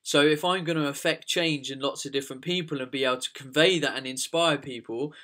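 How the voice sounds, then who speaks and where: A man's voice: on the high side, a little fast, fairly bright tone. A man with an English accent hosting a podcast, speaking frankly and reflectively in casual chat. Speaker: podcast host, nutritionist.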